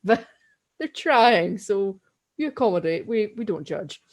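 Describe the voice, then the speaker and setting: A woman's voice: mid-range voice, animated, unhurried. A young Scottish woman co-hosting a podcast, telling long stories in casual chat and laughing often. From Scotland. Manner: rambling, giggly storytelling. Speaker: podcast co-host.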